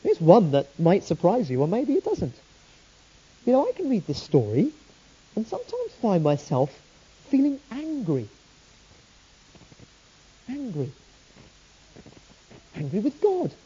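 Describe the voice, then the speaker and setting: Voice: medium pitch, huge pitch swings, measured pace, pauses often, warm tone, slightly rough. A preacher giving a sermon, telling the story with earnest rhetorical questions, on a dull lo-fi recording.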